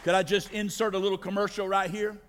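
Male pastor, very high voice, fiery sermon, shouted climaxes, call-and-response, long church reverb. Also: flat delivery, fast talker, a faint crowd, slight background noise.

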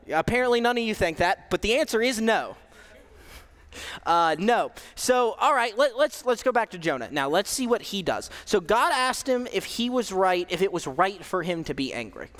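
A man's voice: sits high, a bit bright. A man preaching a sermon to a young audience in a casual, joking way. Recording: long hall reverb.

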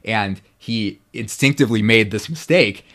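A male Bible scholar, guesting on a podcast, walks through biblical Hebrew like an instructor, fussing over exact pronunciation and checking in with "right?" often. His voice is fairly low and fairly bright, at a normal speed.

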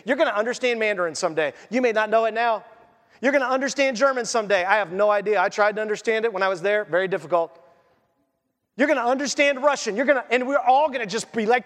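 A male pastor preaching a sermon in a conversational, animated way with casual asides. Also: very high voice, brisk. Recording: long reverb in a large hall.

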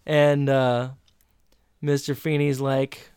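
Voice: medium pitch, moderate pace, clean tone, no echo, clean studio sound. A podcast co-host casually retelling a TV episode, rambling through it and acting out the lines. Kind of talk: casual chat recapping an episode.

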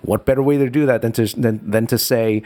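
A man's voice: medium pitch, fairly quick. A man telling a story in casual chat, restarting often and acting out the voices in it. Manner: animated, lots of restarts, acts out voices.

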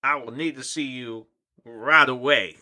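Male reader playing a grandiose vampire lord father, overblown comic delivery, slow. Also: mid-range voice, bright, forceful tone, pitched below the performer's own voice. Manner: overblown, theatrical, laughing through lines.

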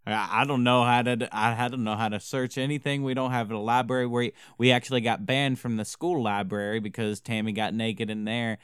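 A man doing a crude, eager guest who blurts out blunt questions in a smooth, clear voice. The room is dry, in improv comedy. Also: medium pitch, level tone, brisk, few pauses, fairly bright tone, no room sound, lightly acted. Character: crude, eager male guest on an advice show.

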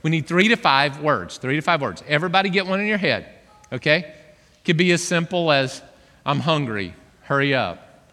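A man preaches to a congregation, animated and joking as he coaxes them along. His voice sits high and sounds bright and forceful, and it rings out with the long reverb of a large hall. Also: fairly quick. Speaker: pastor. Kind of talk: sermon. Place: church hall.

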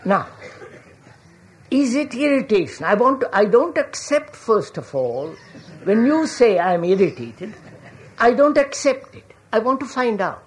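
A woman's voice: fairly high pitch, big pitch swings, a little slow, a little hiss or hum. Woman giving a thoughtful talk, voice goes up and down a lot, keeps asking do you follow, calls people sir. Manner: questioning, often checks if listeners follow; addresses listeners as sir. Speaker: public speaker. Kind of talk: reflective public talk to an audience.

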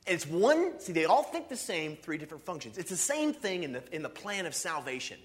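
A man preaching a sermon in an animated, conversational style, leaning on "see" and "okay." His voice sits a touch high and moves up and down widely as he talks. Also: fast, few pauses. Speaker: pastor.

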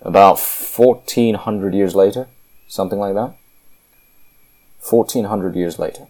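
A man's voice: on the low side, unhurried, darkish tone. A man giving impassioned Bible commentary with fervent, emphatic delivery and frequent restarts. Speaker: Christian commentator.

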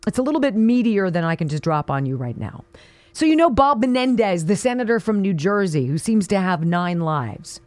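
A woman's voice: fairly high pitch, no room sound. A woman hosting a political talk radio show, punchy and emphatic, with casual slang.

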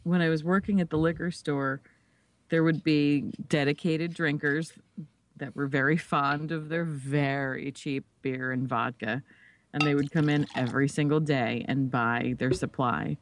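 A man's voice: on the high side, steady tone, measured pace. A man co-hosting a podcast, joking and teasing over beers. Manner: joking, teasing, laughs often. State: drinking beer. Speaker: podcast co-host. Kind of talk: casual chat.

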